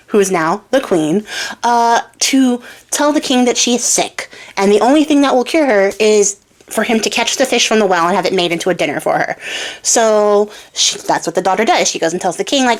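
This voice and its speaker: A young woman casually retelling a fairy tale, irreverent and swearing, slipping into quick character voices. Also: mid-range voice, animated. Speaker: storyteller and crafter.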